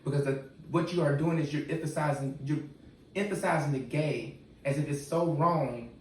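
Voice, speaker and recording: A man's voice: a little high, normal speed. A man, a podcast guest, talking candidly in casual slang. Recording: echoey room, distant mic, faint noise.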